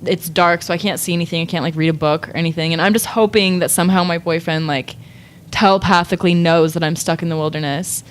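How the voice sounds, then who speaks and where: A woman's voice: lowish voice, fairly even intonation, fast. Young woman telling a rambling story. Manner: rambling storyteller, heavy "like", frequent laughs. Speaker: guest artist. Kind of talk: casual podcast chat.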